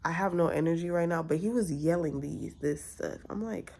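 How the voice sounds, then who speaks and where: A woman's voice: lowish voice, moderate pace, vocal fry. A young woman in her twenties, venting candidly in a casual storytime vlog and acting out both sides of an argument. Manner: candid, venting, quotes others in lively asides. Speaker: vlogger.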